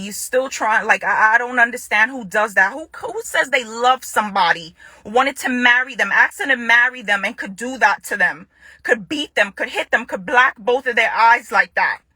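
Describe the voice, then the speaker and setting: A woman's voice: on the high side, pushed and bright, no echo. A young woman angrily confronting someone in an unscripted video statement, repeating lines for emphasis. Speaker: vlogger making a public statement. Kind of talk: unscripted direct-to-camera statement.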